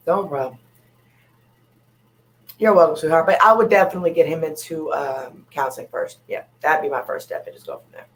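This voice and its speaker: A woman's voice: sits low, fairly quick, poor audio. A woman speaking on an open panel, talking candidly and bluntly, repeating her points for emphasis. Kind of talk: candid casual chat.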